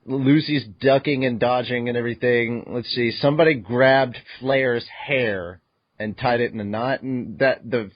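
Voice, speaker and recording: A man's voice: medium pitch, measured pace, no room sound, muffled recording. A man hosting a podcast who recaps a manga chapter in casual chat, acting out his own reactions and swearing freely. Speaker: podcast host.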